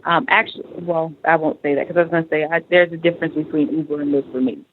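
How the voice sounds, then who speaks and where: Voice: mid-range voice, little pitch movement, quick pace, slight background noise. A radio talk show host interviewing a guest, speaking in an encouraging, reflective, ministering tone. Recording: tinny phone line.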